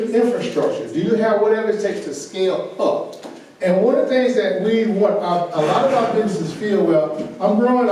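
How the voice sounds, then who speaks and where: Fast, loud Southern man in an echoey room. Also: sits high. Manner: energetic, repeats "okay?" to check in with the audience. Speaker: workshop presenter. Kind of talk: financial training workshop lecture. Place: large meeting room. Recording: very echoey room, voice far from the recorder.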